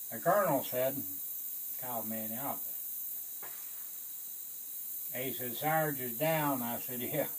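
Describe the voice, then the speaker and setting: A man, a Vietnam veteran, telling a war story in an animated way, swearing and acting out the voices of others. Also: mid-range voice, slow pace, long pauses, a little hiss or hum, low-quality recording. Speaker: Vietnam veteran recounting service.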